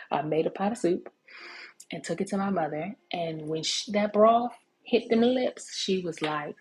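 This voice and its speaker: A woman with a low voice talks through a live cooking demonstration in a casual storytelling way. She rambles warmly, with frequent ums and self-corrections, over a faint background hiss. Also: measured pace, low-quality recording. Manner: chatty, with many fillers and restarts.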